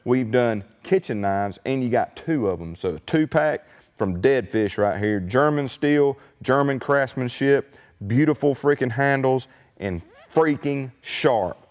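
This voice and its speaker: A man, hosting a casual unboxing video in a folksy, excitable, colloquial way. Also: mid-range voice, measured pace, in a large hall. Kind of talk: casual product unboxing chat.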